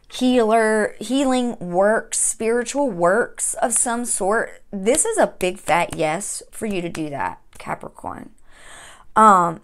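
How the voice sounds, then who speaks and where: Woman, tarot reader, gentle encouraging delivery, hesitant restarts, gravelly fry. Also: mid-range voice. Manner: gentle, encouraging, halting with fillers. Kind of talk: monthly tarot reading to camera.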